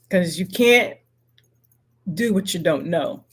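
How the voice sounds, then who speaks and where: Earnest middle-aged woman giving slow affirmations. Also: on the low side, lively intonation, husky. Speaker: live-stream host. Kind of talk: motivational live-stream talk.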